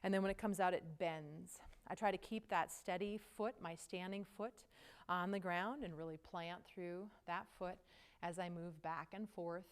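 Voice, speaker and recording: Breathless, smooth-voiced woman teaching yoga. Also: fairly low pitch, a little slow. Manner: casual, chatty cues with frequent "right?". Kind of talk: guided yoga class instruction.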